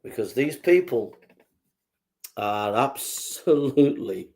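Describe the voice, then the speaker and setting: Gravelly, fiery podcast host. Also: male voice, medium pitch, lively intonation, slow, a little mellow. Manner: emphatic, fiery, repetitive. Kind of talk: impassioned political monologue.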